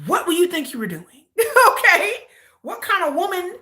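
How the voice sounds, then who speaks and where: A woman's voice: extremely high pitch, big pitch swings, moderate pace, bright, forceful tone. An American woman hosting a casual livestream, ranting with disbelief and mocking the people she reacts to. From United States. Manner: outspoken, incredulous ranting with mocking mimicry. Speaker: live-stream host reacting to a reality show.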